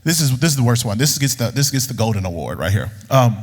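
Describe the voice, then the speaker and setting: Preacher, male, high-voiced and wildly animated, blunt and teasing, long reverb of a big hall. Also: fast. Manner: blunt, teasing, swings from low mutters to high outbursts. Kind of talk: sermon.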